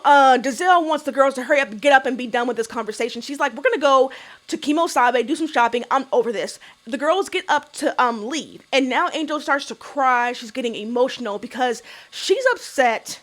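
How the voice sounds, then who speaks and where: Young woman with a high voice doing a sassy reality tv recap, blunt, cusses a lot, keeps asking who cares. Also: a bit bright. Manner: blunt, sassy, swears freely, rhetorical questions. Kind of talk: casual opinionated recap.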